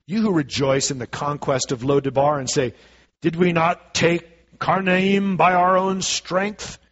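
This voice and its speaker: Pastor with a higher voice, lo-fi sound. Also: male voice, steady tone, unhurried, fairly bright tone. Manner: reads scripture then explains it in plain casual words, acting out voices. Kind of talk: sermon with scripture reading.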